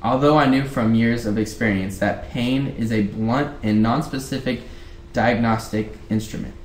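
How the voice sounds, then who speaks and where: A man's voice: mid-range voice, fairly even intonation, moderate pace. Man reading a novel aloud casually. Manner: rereads lines, breaks off to chat. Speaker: book club reader. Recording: roomy echo, faint background hiss.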